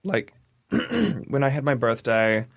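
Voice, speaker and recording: A man, co-hosting a casual radio chat and reading quiz items aloud in a steady list. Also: mid-range voice, takes it slowly, dry recording, studio quality. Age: 20s. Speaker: radio co-host. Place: radio studio.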